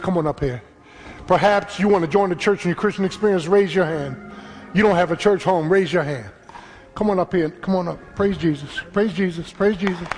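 A man preaching a sermon that swings from quiet storytelling to shouted call and response, then leading an altar call. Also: a little high, rough recording. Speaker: pastor. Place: church sanctuary. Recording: live church with congregation and room noise.

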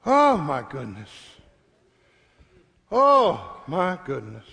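Middle-aged male pastor from Philadelphia, high lively voice, shouting sermon in a reverberant church. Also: extremely slow, vocal fry. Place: church sanctuary.

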